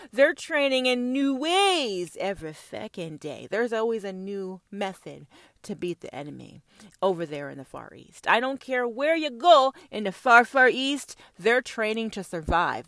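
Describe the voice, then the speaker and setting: A woman's voice: medium pitch, fairly bright tone, no room sound. Woman host, heated monologue, swears freely, fires off rhetorical questions; close dry sound. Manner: fiery, profane, rhetorical questions. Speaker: podcast host. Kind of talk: opinionated monologue.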